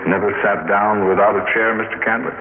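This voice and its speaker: A man playing a shy, gentle park hermit. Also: fairly low pitch, flat delivery, close to an everyday voice. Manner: slow, hesitant, soft-spoken. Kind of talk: 1950s radio drama acting. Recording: tinny old radio broadcast, faint hiss.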